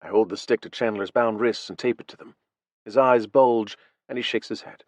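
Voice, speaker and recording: A man narrating a first-person audiobook in a steady, even reading voice. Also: lowish voice, normal speed, no echo.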